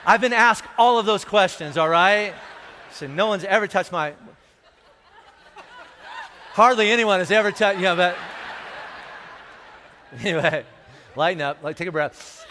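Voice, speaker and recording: A man preaching a sermon, telling his own story in an animated, self-deprecating way and checking in with "all right?" again and again. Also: sits high, normal speed, pauses often, a little hiss or hum. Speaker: pastor. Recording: long hall reverb.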